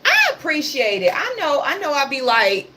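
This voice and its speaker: A woman's voice: high voice, wildly swooping pitch, normal speed, background noise. A woman hosting a casual livestream, talking about the news in a passionate, sarcastic and blunt way. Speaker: livestream host.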